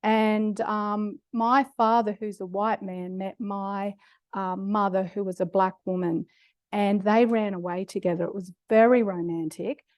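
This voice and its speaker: A middle-aged woman lecturer from Queensland, Australia, gives a public lecture in a lecture hall, weaving in personal stories with wry, humorous, self-deprecating wit that draws laughs. Her medium-pitched voice stays fairly even at a measured pace. The close mic picks up dry sound with no echo.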